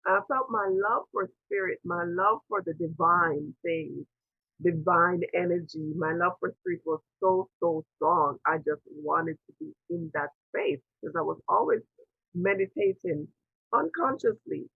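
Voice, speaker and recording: Heard through a thin, phone-like video call, a woman with a lowish, gravelly and husky voice recounts her personal experiences as a spiritual interviewer and priestess. She's animated yet keeps a measured pace, wandering earnestly through the tale and voicing past inner dialogue as quotes. The recording is close and dry.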